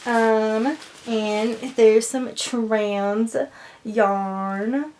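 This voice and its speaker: A woman's voice: fairly high pitch, steady tone, drawn-out words, darkish tone, a little hiss or hum. A young woman chatting casually in a doll vlog, rambling with lots of fillers and sometimes dropping to a whisper. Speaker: doll vlogger. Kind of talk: casual chat.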